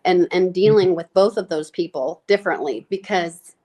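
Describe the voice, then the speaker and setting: A woman nurse practitioner speaking candidly in an interview, reflective and halting, with many fillers and restarts, close to tears as she talks. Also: on the low side, lo-fi sound.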